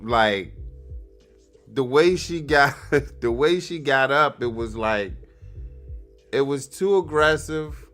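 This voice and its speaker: Slow, slangy man riffing on a clip. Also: mid-range voice, faint music behind. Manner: slangy, animated, mocking, laughs often. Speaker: podcast host reacting to a clip. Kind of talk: casual commentary over replayed clip.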